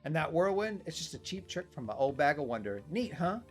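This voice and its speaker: A man's voice: on the high side, very animated, fairly quick, faint music behind, voice pushed up. A man voicing a cheeky young female traveling magician in a game, reading her lines in a playful, teasing manner.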